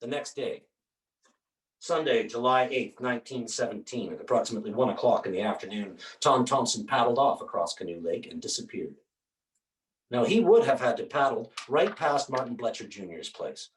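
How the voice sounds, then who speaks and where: A man performing a one-man theatre show. He tells the story in an animated way with dramatic asides, and paints on stage while he talks. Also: medium pitch, moderate pace. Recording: roomy stage sound from a distance.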